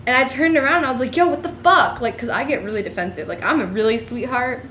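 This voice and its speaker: Vlogger, woman from New Jersey, higher voice, chatty, tired, faint noise behind. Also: animated, fast talker, a bit bright. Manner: chatty, lots of "like" and "I was like", acting out quotes. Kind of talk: casual trip-report storytelling.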